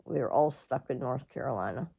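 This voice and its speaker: A middle-aged woman, telling a personal story in a rambling, halting way, often clearing her throat. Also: rumbling low, animated, mellow. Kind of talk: casual storytelling.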